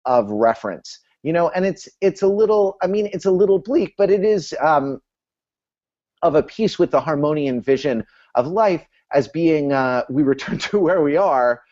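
A man's voice: on the high side, lively intonation, moderate pace, a little mellow, muffled recording. A man hosting a casual analytical discussion over a video call, talking in an academic way with many restarts.

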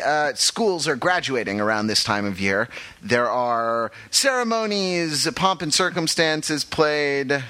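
Podcast host guy, um-ing and uh-ing a lot, bouncy pitch, kinda bright. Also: big pitch swings. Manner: halting, many fillers and restarts. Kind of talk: casual panel podcast chat.

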